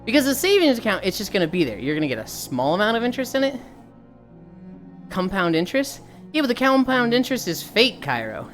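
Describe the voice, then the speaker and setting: A woman's voice: mid-range voice, sing-song, quick pace, faint music behind. A young adult woman streamer ranting casually and profanely to her live chat.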